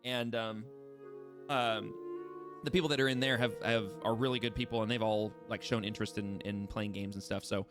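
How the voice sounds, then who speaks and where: A man's voice: lowish voice, fairly even intonation, normal speed. A young man running a tabletop game, talking animatedly and laughing at himself as he rambles with restarts. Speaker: game master. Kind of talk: casual table talk between sessions. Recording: music bed playing behind voice.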